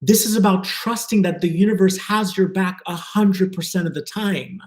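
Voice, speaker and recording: A man's voice: high voice, normal speed, reverberant. A man giving a live spiritual talk to his viewers, earnest and flowing, repeating words for emphasis. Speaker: spiritual teacher.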